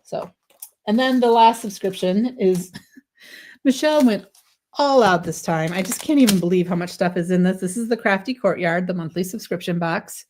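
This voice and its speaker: A woman's voice: medium pitch, moderate pace, darkish tone, a little hiss or hum. A woman hosting a live craft stream, chatting enthusiastically through a product demo, sometimes tripping over her words and correcting herself. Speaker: craft livestream host.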